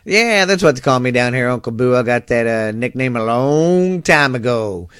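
Folksy podcast host. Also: male voice, medium pitch, animated, normal speed, a bit bright, clear, resonant tone, dry recording, clean studio sound. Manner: folksy, loose, rambling. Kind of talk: casual podcast chat and joke ads.

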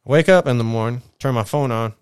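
A man tells a rambling, profane story in a loose, laid-back way. His voice is smooth and resonant, close and dry with no room sound. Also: medium pitch, brisk, a little mellow, no room sound. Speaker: podcast storyteller. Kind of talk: casual storytelling.

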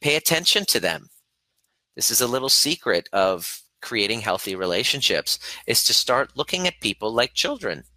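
Bright-voiced male relationship coach. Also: medium pitch, sing-song, normal speed, no room sound, low-quality recording. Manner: earnest, coaching, acts out examples in a soft cooing voice. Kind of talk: motivational talk to camera.

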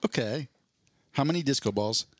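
A man co-hosting a podcast in casual chat, rambling and joking with quick asides. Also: medium pitch, lively intonation, fairly bright tone, slightly rough, no echo. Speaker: podcast co-host.

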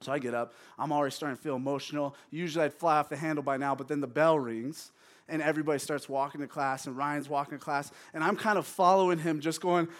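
A young man preaching a sermon through a funny personal story, acting out his childhood yelling and crying. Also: on the high side, fast. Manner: animated, acts out his own yelling and crying for laughs.

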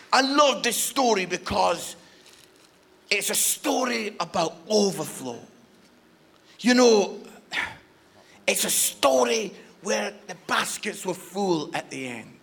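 High, bright-voiced preacher. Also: male voice, takes it slowly, gravelly, pauses often, husky. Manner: animated, playful, addresses the audience directly. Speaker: guest preacher. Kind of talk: humorous storytelling sermon.

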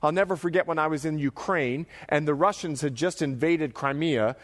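A middle-aged man preaching a sermon, animated and jokey, slipping into voices as he tells stories. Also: on the high side, moderate pace, in a large hall. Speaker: pastor.

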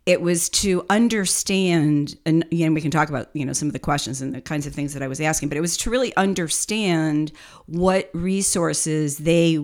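A woman's voice: deep voice, moderate pace. A woman co-hosting a business podcast, telling her story in a chatty, easygoing way. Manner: chatty storytelling with fillers and light laughs. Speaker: podcast co-host. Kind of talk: casual podcast conversation.

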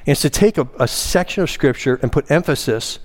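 A male pastor preaches fairly quickly in an expressive voice. Standing in the church sanctuary, he emphasizes key words with a rise in pitch and guides the congregation through call-and-response reciting.

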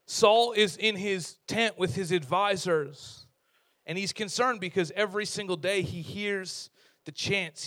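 High-voiced, lively male preacher. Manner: lively, conversational, humorous storytelling. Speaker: pastor. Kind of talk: sermon.

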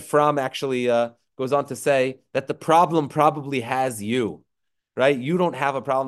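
Reflective man teaching online. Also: mid-range voice. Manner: reflective, stretches quoted phrases slowly, frequent fillers. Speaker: rabbi teaching a class. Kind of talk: online lecture. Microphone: computer mic on a video call.

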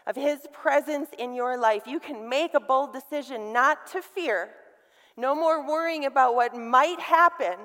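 A woman's voice: sits high, fairly bright tone. A middle-aged woman delivering a sermon to women, emphatic and calling on her listeners to repeat key words. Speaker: women's ministry speaker. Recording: long reverb from a hall.

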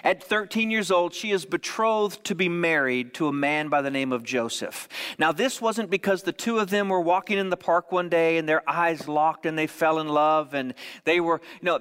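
A man's voice: a little high, fairly bright tone, clear, resonant tone, big-room sound. A man preaching a sermon in a conversational way, often checking in with "right?". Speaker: pastor.

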